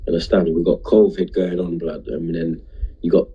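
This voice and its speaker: Young man, low and husky, drunk and emotional, rambling livestream chat in street slang. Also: level tone, normal speed, lo-fi sound. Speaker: livestream host.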